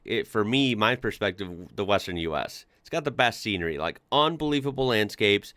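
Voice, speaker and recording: A man's voice: on the low side, fairly bright tone, dry recording, clean studio sound. A man hosting a casual reaction video, chatting with lots of fillers and laughing often.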